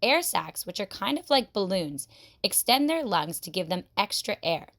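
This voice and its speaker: A woman educator giving scripted science narration in a clear, explanatory way. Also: medium pitch, very animated, normal speed, fairly bright tone.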